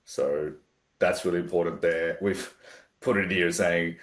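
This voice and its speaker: A man, explaining an AI platform on a casual call in a halting, restart-heavy way. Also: low voice, fairly even intonation. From Australia. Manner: hesitant, explains with many fillers and restarts. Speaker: guest presenting an AI platform. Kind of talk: casual video-call demo. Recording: roomy echo.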